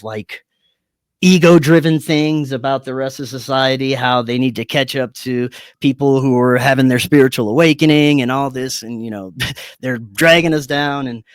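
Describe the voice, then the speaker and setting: A man, a podcast guest, telling a personal story in a lively, casual way, swearing freely and often restarting his sentences. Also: mid-range voice, no room sound, clean studio sound. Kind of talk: conversational storytelling.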